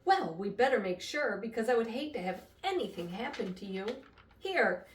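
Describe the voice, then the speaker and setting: Eager little mouse boy, read by a grandmother, pitched high, exclaims loudly, roomy distant sound. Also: animated, moderate pace, lightly acted. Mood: earnest. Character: tiny excitable mouse boy, earnest and polite.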